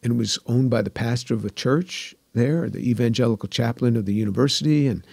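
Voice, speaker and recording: A man in his sixties giving earnest personal testimony as an interview guest, repeating phrases and going soft and hushed when moved. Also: mid-range voice, brisk, gravelly, breathy edge, dry recording. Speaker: guest, scientist.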